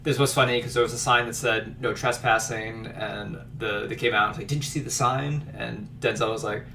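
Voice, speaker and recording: A man's voice: on the low side, monotone, brisk, gravelly, sharp tone, recorded from a distance, slight background noise. A man co-hosting a casual movie podcast, retelling scenes with playful quoted voices. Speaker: podcast co-host.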